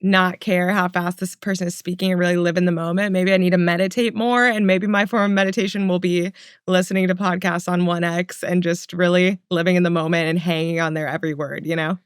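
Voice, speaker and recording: A relaxed, thoughtful panelist chatting on a podcast at an easy pace. The voice is smooth and clear at a middle pitch, recorded close and dry. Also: a little fast, no room sound. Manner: relaxed, thoughtful, light laughs. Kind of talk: casual chat.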